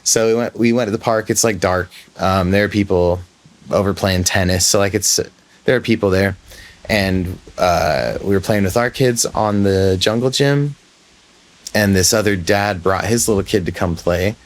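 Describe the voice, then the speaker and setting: Low-voiced man telling a candid story. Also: moderate pace. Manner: candid, rambling, self-reflective. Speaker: podcast host. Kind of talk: casual storytelling.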